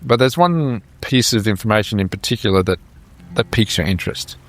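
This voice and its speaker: A man narrating a tabletop game as game master, calm and steady. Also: lowish voice, a little fast, soft background music.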